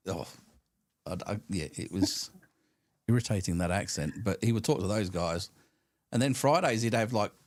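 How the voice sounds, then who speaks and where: A man with a lowish voice co-hosts a live stream in loose, casual chat. He rambles through stories and drops into quick impressions of radio hosts and callers. The sound is dry and close, with no room around it. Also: a little mellow, no room sound. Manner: chatty storyteller, mimics radio hosts and callers. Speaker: podcast co-host. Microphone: studio mic through a mixer.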